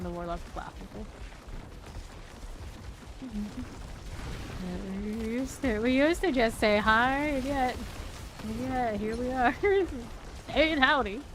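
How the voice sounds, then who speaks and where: Chatty Florida woman streaming a game. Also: on the high side. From Central Florida. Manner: chatty, laughs often, talks to chat. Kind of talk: casual live-stream chat while gaming. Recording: steady background noise.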